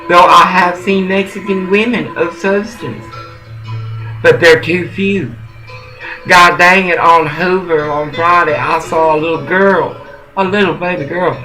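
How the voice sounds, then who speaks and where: A man rants in a drawn-out, scolding way, cursing as he rambles from one complaint to the next. His voice sits slightly high and he takes his time. Music plays clearly behind him the whole way through. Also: rough recording. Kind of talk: angry ranting monologue. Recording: music playing loudly behind.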